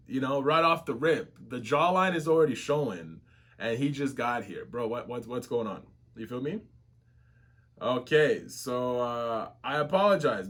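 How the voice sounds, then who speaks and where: A man giving casual, excitable, slang-filled reaction commentary as a webtoon reactor. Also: mid-range voice.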